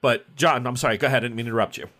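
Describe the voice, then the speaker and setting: A man runs a tabletop horror game, describing each scene in steady detail. His voice sits at an ordinary middle pitch. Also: rapid-fire. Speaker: game master.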